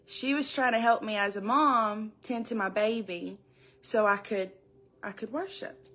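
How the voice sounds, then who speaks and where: A young woman giving an earnest, emotional church testimony, tearful and halting as she speaks. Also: mid-range voice, steady tone, fairly bright tone.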